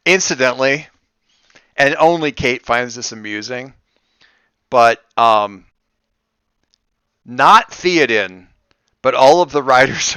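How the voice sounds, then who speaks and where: A man runs a tabletop game in a bright, crisp voice. He thinks out loud and stops and restarts often. The sound is dry and close. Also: mid-range voice, no room sound. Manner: halting, with many restarts and fillers. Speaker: game master.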